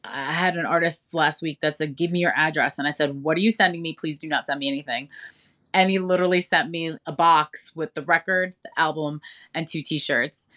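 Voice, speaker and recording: A woman's voice: sits low, steady tone, a little fast, bright, forceful tone. A woman radio DJ, talking enthusiastically and chattily as an interview guest, with many fillers. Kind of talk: casual interview talk.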